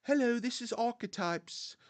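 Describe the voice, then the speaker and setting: A man doing a mocking falsetto impression of a fame-hungry female celebrity podcaster with an affected lilt. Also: big pitch swings, fairly quick, bright, forceful tone, no echo, full character voice. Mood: gushing.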